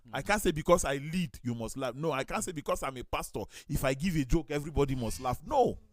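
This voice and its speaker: Nigerian male talk-show host and pastor, animated storyteller, close dry studio mic. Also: on the high side, quick pace, no echo. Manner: storytelling, acts out quoted voices, lively. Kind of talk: studio talk show chat, telling anecdotes.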